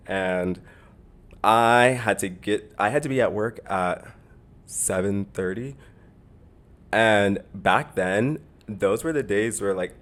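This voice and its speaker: A young man from Canada with a Canadian accent hosts his own podcast alone. His voice sits very low. He talks casually and rambles, piling up fillers and repeating words as he goes. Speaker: podcast host. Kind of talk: casual solo podcast monologue.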